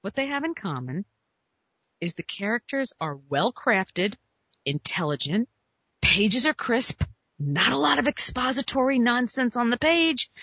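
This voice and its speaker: A woman giving screenwriting advice to viewers, animated and emphatic, asking herself rhetorical questions. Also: mid-range voice, a little slow, slightly rough, no room sound. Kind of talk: energetic advice monologue to viewers. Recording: dull, dry, lo-fi recording.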